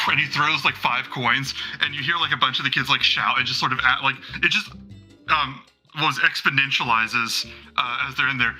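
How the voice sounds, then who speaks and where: A man's voice: medium pitch, fairly even intonation, a little fast, pushed and bright, husky, faint music behind, poor audio. A man narrating a tabletop game as game master, rambling with lots of fillers. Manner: rambling, many fillers and restarts.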